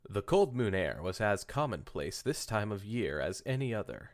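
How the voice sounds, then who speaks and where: A low-voiced man reads fan fiction aloud for a podcast, breaking off for casual jokes with his co-host. His pitch moves around a lot, and he trips over words and corrects himself as he reads. The feel is relaxed, loose banter. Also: moderate pace. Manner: joking, stumbles and corrects himself while reading.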